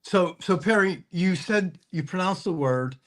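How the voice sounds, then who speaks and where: A man's voice: high voice, animated, measured pace. A man hosting a casual interview, rambling and hesitant with many fillers. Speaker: host, car dealer.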